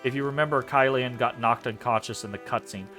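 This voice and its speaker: A man's voice: mid-range voice, brisk, bright, forceful tone, soft background music. A man hosting a let's play, chatting casually and reading game dialogue aloud. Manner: casual, swears, laughs at the script.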